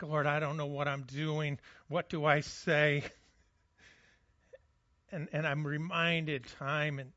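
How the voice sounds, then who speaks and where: A man's voice: on the high side, a bit bright, no room sound, muffled recording. A man preaching a sermon as a pastor, earnest and often repeating words as he restarts his sentences.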